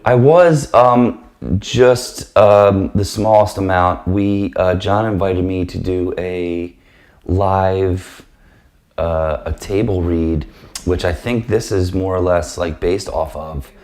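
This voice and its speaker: A man's voice: deep voice, slow, a little mellow. A man in an interview, answering hesitantly with many fillers. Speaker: actor.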